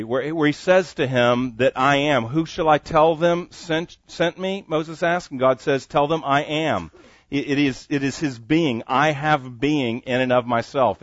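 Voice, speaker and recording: A man's voice: mid-range voice, a little slow, dry recording, lo-fi sound. A man preaching a sermon, reading scripture aloud and pressing each point with earnest emphasis. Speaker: pastor.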